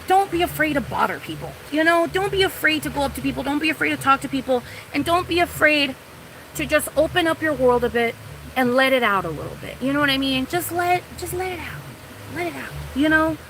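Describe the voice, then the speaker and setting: A woman's voice: high voice, bright, forceful tone, a little hiss or hum, poor audio. A young woman streaming live, ranting casually and profanely with lots of "like" and "you know what I mean.". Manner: profane, rambling, lots of fillers.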